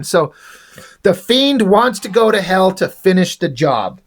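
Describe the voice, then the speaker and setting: A man's voice: high voice, sing-song, a little slow. A man giving a casual, profane, sardonic recap of a comic book.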